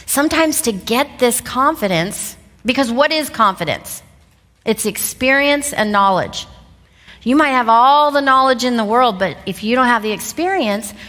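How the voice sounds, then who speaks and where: A woman in her fifties giving a motivational talk on stage, an animated storyteller who laughs often. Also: medium pitch, long reverb tail. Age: 50s. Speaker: seminar speaker. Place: stage in a large event hall. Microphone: lapel mic.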